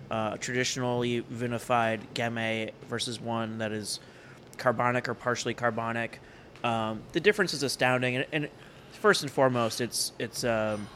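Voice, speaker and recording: Male co-host, mid pitch, eager but halting, faint ambience. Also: fairly bright tone, a little hiss or hum. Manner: hesitant, many fillers and restarts, enthusiastic. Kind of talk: casual podcast chat.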